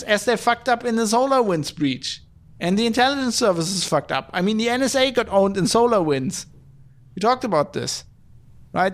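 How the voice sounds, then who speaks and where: A man hosting a podcast, ranting in exasperated, profane bursts full of restarts and fillers. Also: sits high. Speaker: podcast host.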